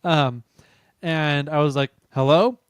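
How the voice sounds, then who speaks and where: A man's voice: on the high side, moderate pace, dry recording, clean studio sound. A man hosting a podcast, chatting casually and retelling a funny story with laughter. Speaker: podcast host.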